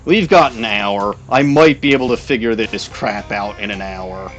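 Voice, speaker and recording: A man's voice: lowish voice, normal speed, lo-fi sound, soft background music. A man playing a text game, reading its narration aloud with wry, chuckling asides. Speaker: game player.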